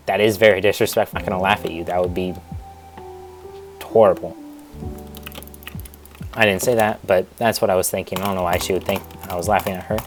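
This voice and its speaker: A man's voice: low-pitched, fairly even intonation, fast, pauses often, music in the background. A young man casually telling a rambling school story in a storytime vlog, digressing and restarting often. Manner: rambling, digressive, self-interrupting.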